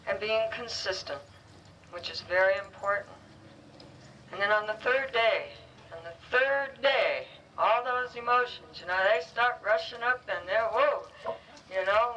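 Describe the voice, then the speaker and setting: Woman, heartfelt graduation speech, earnest, short halting phrases, bright tone, distant faintly noisy recording. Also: a little high. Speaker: guide dog school graduate giving a speech.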